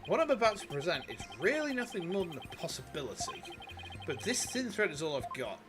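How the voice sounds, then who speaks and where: Man voicing an earnest defense lawyer, high lively voice, game music behind. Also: brisk. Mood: determined. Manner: earnest dialogue reading.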